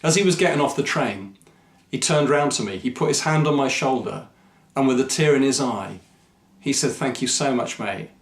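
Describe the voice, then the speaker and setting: A man, a Christian mission speaker, telling a personal story to camera in an earnest, measured, reflective way. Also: mid-range voice, expressive. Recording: echoey room.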